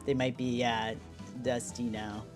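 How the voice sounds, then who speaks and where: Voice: mid-range voice, level tone, unhurried, music in the background. A young adult streamer chatting casually with viewers in a slangy, self-mocking way. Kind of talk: casual live-stream chat.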